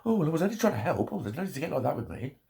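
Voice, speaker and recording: A man's voice: on the high side, sing-song, rapid-fire, creaky, warm tone, pitched above the performer's own voice. A British man mimicking a prissy, offended person who claims they only meant to help. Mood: indignant. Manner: prissy, indignant. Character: huffy, offended well-meaning helper.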